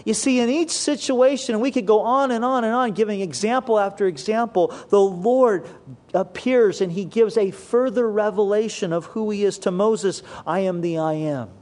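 A man with a fairly high voice delivers a sermon. He speaks earnestly and slows down, dropping quieter and lower whenever he quotes scripture. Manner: earnest preaching, slows and drops low when quoting scripture. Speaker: pastor.

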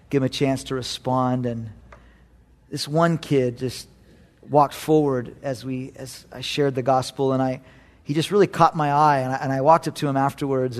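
A man preaching a sermon as a youth pastor, telling stories animatedly and acting out quotes. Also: medium pitch.

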